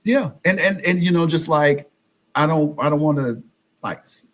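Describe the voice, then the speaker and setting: A man who is a guest on a podcast, telling his own experiences with lively storytelling and often acting out what others said. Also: on the high side, normal speed. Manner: animated, acts out quoted exchanges. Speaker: podcast guest, social media influencer. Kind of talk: conversational storytelling.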